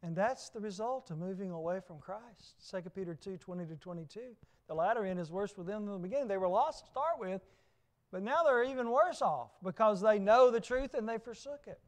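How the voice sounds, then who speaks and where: A man's voice: high voice, lively intonation, a little fast. A man with a Southern US accent preaching a sermon, emphatic, with repeated phrases and rhetorical questions.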